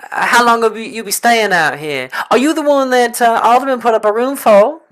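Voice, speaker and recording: A woman's voice: fairly high pitch, lively intonation, brisk, pitched above the performer's own voice, close to an everyday voice. A woman voicing a flirty southern belle innkeeper with a put-on Southern drawl, sweet and calling people darling. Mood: welcoming.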